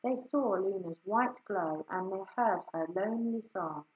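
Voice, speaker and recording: A woman reading a children's picture book aloud, slow and expressive. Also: mid-range voice, dull audio. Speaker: story reader. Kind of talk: children's story read-aloud. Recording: echoey room.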